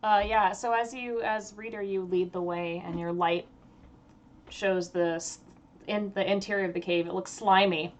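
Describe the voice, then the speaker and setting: A woman narrates a tabletop game as its game master. She talks casually and haltingly, with many small pauses, at a mid pitch. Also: steady tone, slight background noise.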